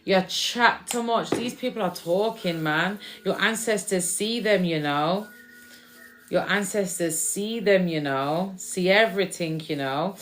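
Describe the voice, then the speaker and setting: A woman's voice: lowish voice, unhurried, a bit bright, slight background noise. Chatty woman reading oracle cards. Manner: chatty, repeats lines she hears from spirit. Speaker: spiritual card reader. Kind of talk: casual intuitive card reading.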